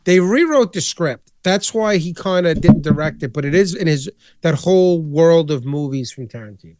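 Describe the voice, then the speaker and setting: High-voiced, profane rambling man. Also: lively intonation, moderate pace, heavy background noise. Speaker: podcast host. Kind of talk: casual chat.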